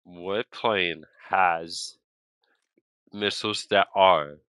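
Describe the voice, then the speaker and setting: A young man streaming a game, chatting casually and talking to his chat in an exasperated, lively way. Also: low voice, drawn-out words, smooth, no echo. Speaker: gaming streamer.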